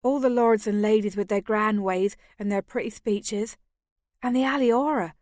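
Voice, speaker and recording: A woman's voice: mid-range voice, normal speed, a little mellow, no echo, clean studio sound, close to an everyday voice. A woman voicing a deferential young maid with a West Country accent in an audiobook. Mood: eager. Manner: deferential, homely. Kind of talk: audiobook character voice.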